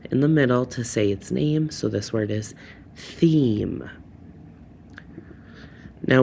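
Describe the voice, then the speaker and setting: A man teaching a phonics lesson, sounding out words slowly and deliberately. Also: mid-range voice, darkish tone, slight background noise. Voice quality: gravelly.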